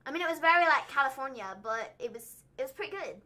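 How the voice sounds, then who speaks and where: British woman, livestream co-host; high, crisp-bright tone, playful, laughs a lot. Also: lively intonation, quick pace. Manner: playful, teasing, laughs often. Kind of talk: casual livestream chat.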